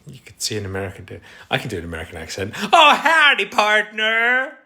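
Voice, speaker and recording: An English man from England chats casually on a livestream, reading out comments and rambling with self-deprecating humor. His voice sits low with vocal fry and a fairly bright tone, and he talks at a racing pace.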